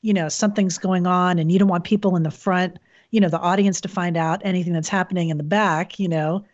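A woman's voice: on the low side, fairly even intonation, fast talker, darkish tone, muffled recording. A woman hosting an interview, chatty and hedging her questions with lots of fillers. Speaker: interview host. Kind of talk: casual interview.

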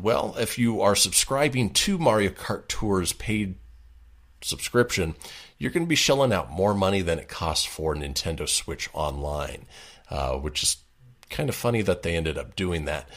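A man co-hosting a casual podcast, relaxed and quick to laugh. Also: low voice. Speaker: podcast co-host. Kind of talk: casual chat.

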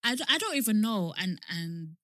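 A young woman chatting on her podcast, her voice bright and sharp with a lively, swooping melody. She talks in an animated, chatty way and laughs easily, recorded dry and close. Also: medium pitch, moderate pace, no room sound. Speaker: podcast co-host. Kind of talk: casual chat.

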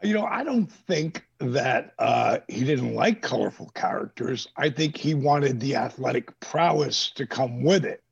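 A middle-aged man telling animated, profane stories on a podcast, acting out the voices of people he quotes. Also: mid-range voice, a little slow, creaky, few pauses, breathy edge. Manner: animated, profane storyteller who acts out quotes. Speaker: guest. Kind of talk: casual storytelling. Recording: dull lo-fi podcast audio.

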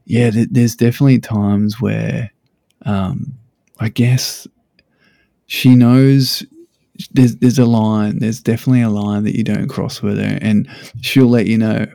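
A man's voice: on the low side, flat delivery, unhurried, gravelly, mellow, no echo. A man co-hosting a casual parenting chat, telling easygoing stories about his family. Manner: easygoing, storytelling, laughs between stories. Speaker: podcast co-host, father. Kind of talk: casual conversation.

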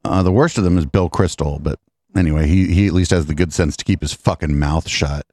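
A man's voice: rumbling low, a little fast, darkish tone, no room sound, studio quality. A man hosting a podcast, chatting casually and sardonically about politics and swearing often. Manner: sardonic, profane, offhand. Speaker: podcast host.

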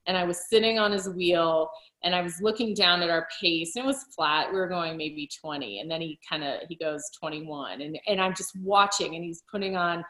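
A woman's voice: fairly low pitch, normal speed, hardly any pauses, fairly bright tone. A woman cycling coach and author talking casually in an interview, chatty, with frequent laughs, fillers and restarts. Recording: roomy echo.

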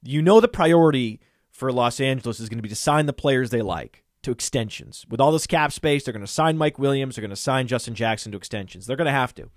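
A man in the middle of his register co-hosts a casual podcast, excitable and quick to reel off long lists of names and figures. He pokes fun at himself as he goes. The sound is dry and close, with no room around it. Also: medium pitch, no echo. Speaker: podcast co-host.

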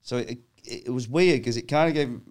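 A man's voice: medium pitch, a little fast, darkish tone. A man, a comedian guest, telling stories in casual chat, laughing often and acting out the people he quotes.

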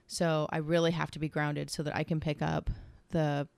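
A middle-aged woman talks in a relaxed, chatty way, with a voice pitched on the low side. She laughs often and acts out little quoted exchanges. The sound is close and dry, with no room around it. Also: moderate pace, creaky, no room sound. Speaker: massage and craniosacral therapist. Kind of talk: casual chat, answering a questionnaire together.

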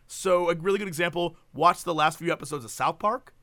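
A young man in casual comedic chat with a friend, animated and jokey, rambling with restarts. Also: a little high, fairly quick. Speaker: co-host.

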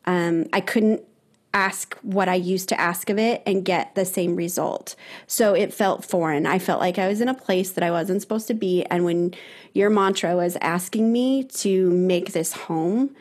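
A young adult woman, a runner and guest, speaking earnestly and hesitantly in casual conversation, with pauses and restarts. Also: fairly low pitch, darkish tone.

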